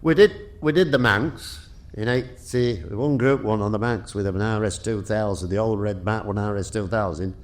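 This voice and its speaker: A man's voice: fairly low pitch, moderate pace. Older man telling stories. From Yorkshire. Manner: lively storyteller who laughs often and restarts sentences. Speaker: guest, retired rally driver. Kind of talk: casual anecdotal storytelling.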